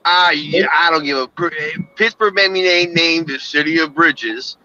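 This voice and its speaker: A man's voice: fairly high pitch, normal speed, highs cut off, a crowd in the background. A man from Florida, a tow truck driver, telling stories over the phone in casual profane talk with stammering restarts. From Florida, USA. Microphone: phone while driving.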